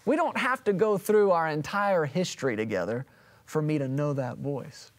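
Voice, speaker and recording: A man in his thirties preaching a televised sermon in a conversational, emphatic way, his voice swinging widely between loud and quiet. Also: on the high side, normal speed.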